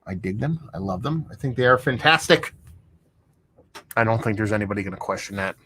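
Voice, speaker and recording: A man hosting a livestream beer review, talking in a rambling, excitable, heavily profane way. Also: on the low side, a little fast, slight background noise. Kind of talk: casual livestream chat. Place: home room.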